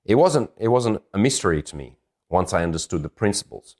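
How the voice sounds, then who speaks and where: Deep-voiced man telling a self-deprecating story. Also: brisk. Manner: animated, self-deprecating, acts out dialogue. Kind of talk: anecdotal storytelling.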